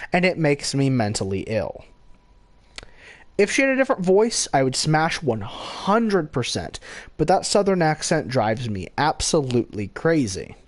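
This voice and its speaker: A man chatting casually about game characters in a slow, unhurried way. His pitch swings up and down freely. He rambles, corrects himself mid-sentence and slips in giggly asides. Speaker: gaming channel host.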